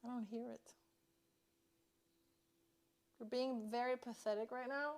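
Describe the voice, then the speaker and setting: Woman streamer, high bright voice, unhurried, sweary chatter from home. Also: fairly even intonation. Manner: chatty, swears a lot, yells at bugs. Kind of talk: casual live-stream chat. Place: indoors at home.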